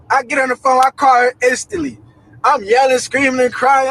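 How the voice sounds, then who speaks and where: A man's voice: very high-pitched, big pitch swings, fairly quick, gravelly, fairly bright tone, low-quality recording. A man telling a dramatic personal story in casual slang, acting out what everyone said.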